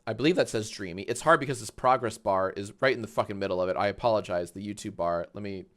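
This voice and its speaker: A man's voice: on the low side, quick pace. A man hosting a casual livestream, reacting to videos with sarcastic, profane rants. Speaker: livestream host.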